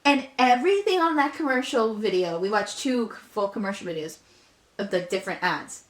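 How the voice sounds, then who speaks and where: A young woman co-hosting a casual nostalgic podcast chat, telling stories with animated asides. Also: fairly high pitch, normal speed. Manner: animated storyteller, acts out commercial voices. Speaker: podcast co-host. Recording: roomy echo, backup audio.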